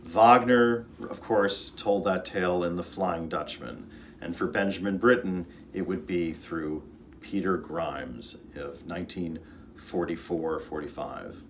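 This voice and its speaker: A man's voice: sits low, measured pace, slight background noise. A man, an orchestra conductor, giving an earnest informal talk about music, storytelling with fillers and restarts.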